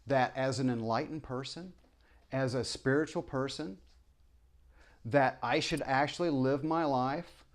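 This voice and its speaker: A man's voice: medium pitch, a little mellow. Guy ranting to camera, stumbles and restarts a lot, says sorry a lot, preachy questions. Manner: halting, many restarts and apologies; impassioned rhetorical questions. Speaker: vlogger; former preacher. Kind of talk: rambling opinion monologue.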